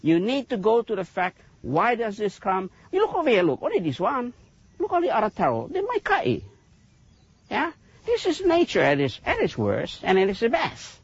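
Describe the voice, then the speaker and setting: Animated husky Hawaiian Pidgin farmer. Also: male voice, sits high, normal speed, dry recording, muffled recording. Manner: animated, folksy, lots of "yeah?" tags. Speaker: taro farmer. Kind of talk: farm tour explanation. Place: outdoors on a taro farm.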